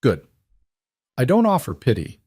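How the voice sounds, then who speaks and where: A man voicing a mafia boss who speaks smoothly, calmly and with quiet command. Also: mid-range voice, unhurried, no room sound, clean studio sound, pitched above the performer's own voice, heavily acted. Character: calm, dangerous male mafia boss.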